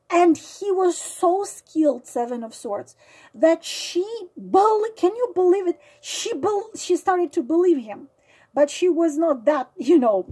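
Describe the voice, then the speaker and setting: A woman's voice: sits high, warm tone, rough recording. A woman tarot reader explaining a card through real-life stories, hesitant with many fillers and leaning hard on dramatic words.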